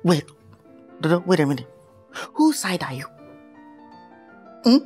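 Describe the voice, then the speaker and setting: A man's voice: a little high, a little slow. A heartbroken young musician with a Nigerian accent. He wails and complains in a voice that swoops wildly. Faint music runs under the scene. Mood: indignant. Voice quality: excitable, wailing, melodramatic. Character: heartbroken young male musician, dramatic and whiny. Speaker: actor. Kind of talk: Nollywood film acting. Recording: light background music.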